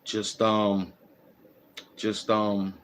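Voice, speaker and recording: Low-voiced New man rambling advice. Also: completely flat delivery, extremely slow, smooth. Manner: loose, repetitive, preachy advice with slang. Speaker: host. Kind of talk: rambling streetwise monologue. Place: outdoors in the cold.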